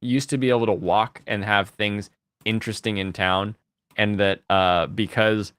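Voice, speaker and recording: A man's voice: on the low side, fairly even intonation, normal speed, fairly bright tone, smooth, no room sound, clean studio sound. A man hosting a casual livestream chat, rambling and laughing as he thinks aloud. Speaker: host.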